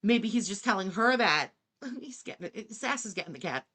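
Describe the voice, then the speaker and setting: Bright-voiced sarcastic woman streamer. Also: medium pitch, lively intonation, moderate pace. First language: English. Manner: blunt, sarcastic, swears freely. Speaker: streamer reacting to another creator. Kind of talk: live-stream reaction commentary.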